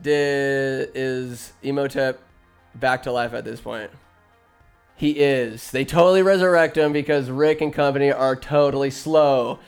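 A man casually recapping a movie scene by scene, talking fast and animated, with quick impressions of the characters. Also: medium pitch, clean tone, faint music behind.

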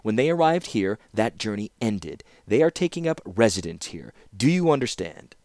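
A man's voice: medium pitch, expressive, normal speed, a little mellow, dry recording, studio quality, voice pushed up, close to an everyday voice. A man voicing a stern, commanding female scholar who scolds sharply. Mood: scolding.

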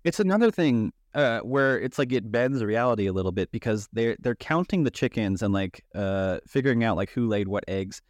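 Male podcast co-host, relaxed explainer, lowish pitch, dry booth sound. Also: normal speed, hardly any pauses, no echo. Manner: laid-back, explains with many "like" fillers. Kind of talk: casual movie-review chat.

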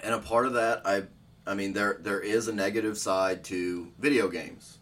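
A man's voice: fairly low pitch, steady tone, moderate pace, a bit bright. A man co-hosting a podcast, chatting casually and agreeing, with short remarks. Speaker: podcast co-host. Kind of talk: casual chat.

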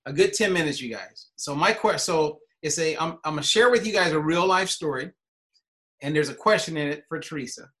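A man hosting a podcast, telling a lively anecdote in casual chat and often repeating words as he goes. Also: fairly high pitch, fairly quick. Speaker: podcast host.

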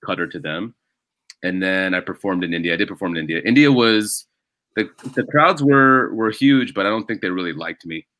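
A man's voice: low-pitched, expressive, a little fast, bright, forceful tone, no echo. A man, a stand-up comedian, telling stories in a casual podcast chat and laughing as he talks.

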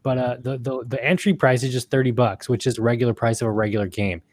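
A man's voice: medium pitch, steady tone, fast talker, darkish tone. A man hosting a casual gaming podcast, who laughs easily and rambles with restarts. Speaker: host.

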